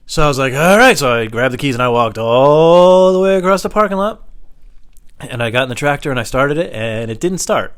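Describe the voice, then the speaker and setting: A man's voice: medium pitch, expressive, a little fast, smooth. Guy doing a rambly comedy monologue, self-deprecating, wanders off topic a lot. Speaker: comedian and comedy show host.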